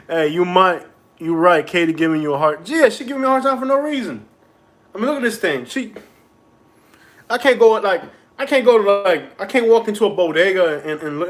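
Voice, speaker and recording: High-voiced man ranting playfully on a live stream. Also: normal speed, fairly bright tone. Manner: joking, mock-aggrieved complaining. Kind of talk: casual rambling live-stream chat. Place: at home indoors.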